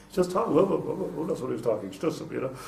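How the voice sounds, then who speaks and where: An older rabbi leads an informal class for a small group, talking conversationally and wandering off on tangents filled with stories and Hebrew terms. His voice is fairly high, creaky and darkish, moving quickly with wide pitch swings. The echoey room is captured by a distant mic with faint noise.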